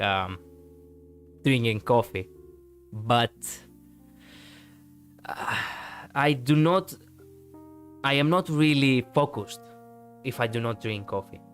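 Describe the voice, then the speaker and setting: Chatty Greek-accented male streamer. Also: medium pitch. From Greece. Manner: rambling, frequent fillers and restarts, laughs easily. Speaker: live streamer. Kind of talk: casual chat with viewers.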